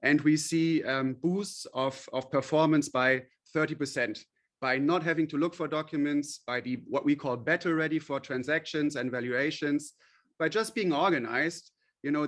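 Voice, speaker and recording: Talkative man, CEO guest, voice slightly high. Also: normal speed, a bit bright. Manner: talkative, many fillers and restarts, explaining at length. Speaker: company CEO, interview guest. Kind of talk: podcast interview.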